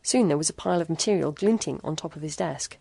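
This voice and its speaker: A woman narrating a short story in a measured, even storytelling manner. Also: low-pitched, creaky, dry recording. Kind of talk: scripted narration.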